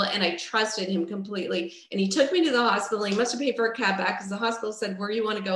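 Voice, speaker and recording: Middle-aged woman telling her story straight, goes quiet then loud, kinda echoey. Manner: candid and raw, swinging from low and quiet to loud outbursts. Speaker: speaker sharing her life story. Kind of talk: personal testimony storytelling. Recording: roomy echo.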